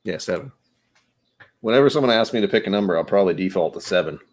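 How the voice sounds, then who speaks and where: Low-voiced male livestream host, a few whiskeys in, loose and self-deprecating. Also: lively intonation, fast. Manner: loose, self-mocking, jokey asides. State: a bit tipsy from whiskey. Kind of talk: casual rambling livestream chat.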